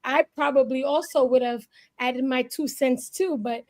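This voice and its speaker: A woman with a notably high voice co-hosts a casual talk radio show. She chats in an animated, storytelling way, jumping from one point to the next. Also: a little slow. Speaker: co-host.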